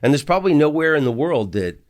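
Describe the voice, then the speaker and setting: A man's voice: on the high side, sing-song, fast. A middle-aged man from the United States hosting a podcast, telling rambling stories with asides and restarts from a hotel room. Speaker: podcast host. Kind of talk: casual storytelling monologue.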